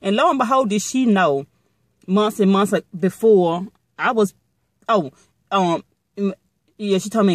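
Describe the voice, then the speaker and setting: Middle-aged woman, blunt and foul-mouthed, animated storyteller, dry close sound. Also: mid-range voice, normal speed, dry recording. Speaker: vlogger. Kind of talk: casual storytelling to viewers.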